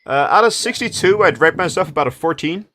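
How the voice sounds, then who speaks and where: A man's voice: a little high, expressive, fairly bright tone. Man running a tabletop game. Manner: quick explanations with stumbling word repeats. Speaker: game master.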